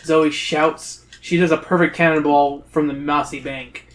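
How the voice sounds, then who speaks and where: A man reading aloud with dramatic flair, fairly high voice. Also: level tone, measured pace, a bit bright. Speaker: podcast host reading a gamebook aloud. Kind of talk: reading a gamebook aloud on a comedy podcast.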